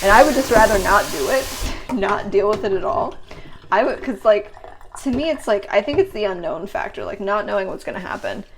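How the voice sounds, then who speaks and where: A woman's voice: medium pitch, animated, brisk, a little hiss or hum. A young woman rambling and swearing casually in a late-night vlog while washing dishes in her kitchen. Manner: swears a lot, rambling, laughs often. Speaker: vlogger.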